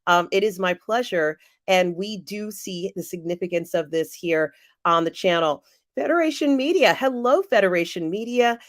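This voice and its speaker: A woman hosting a live stream, reading viewer comments aloud and answering them in a chatty way with many pauses and fillers. She sounds teary and emotional. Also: fairly low pitch, animated, no echo, studio quality. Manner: warm, chatty, often pausing with fillers. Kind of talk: casual live-chat commentary.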